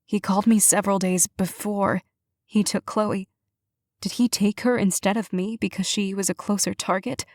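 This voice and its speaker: A sorrowful middle-aged woman with a soft, quavering voice, caught up in a missing-girl case, as a woman narrator puts her on. She speaks with mid-range pitch in a dry, close audiobook read. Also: steady tone, normal speed, dry recording, close to an everyday voice. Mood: tearful. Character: grieving middle-aged woman, sister's guardian. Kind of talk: audiobook character reading.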